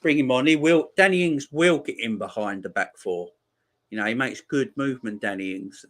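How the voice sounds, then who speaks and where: Chatty man hosting a live football watchalong. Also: normal speed. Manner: chatty, reads and answers viewer comments; reacts loudly to chances on the pitch. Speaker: watchalong host. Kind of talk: live match watchalong commentary.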